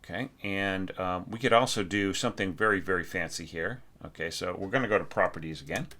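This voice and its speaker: A man's voice: low-pitched, fairly quick, pushed and bright. A man teaching orchestration, giving feedback on a score while thinking aloud. He often sings the musical parts and asks "right?". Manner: frequent fillers and restarts, encouraging but direct. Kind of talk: spoken feedback lesson on a score.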